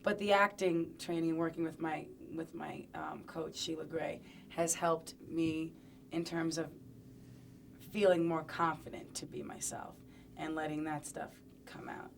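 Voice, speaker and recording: Young woman in a sit-down interview, kinda low voice, playful and chatty, pokes fun at herself. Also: little pitch movement, unhurried, gravelly, a little hiss or hum. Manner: playful, chatty, self-mocking. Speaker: interviewee, singer.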